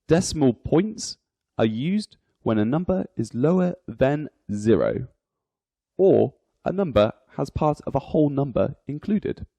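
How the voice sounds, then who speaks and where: A man teaching an English lesson, slowly spelling out numbers and repeating each one for learners to copy. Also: medium pitch, sing-song, vocal fry, dark tone, husky, no room sound. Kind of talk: slow, deliberate English lesson.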